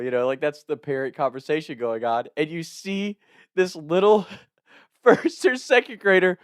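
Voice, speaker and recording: A man's voice: fairly high pitch, normal speed, dry recording, studio quality. A man telling a personal story in a casual way, often laughing as he talks. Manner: laughs often while talking, animated retelling.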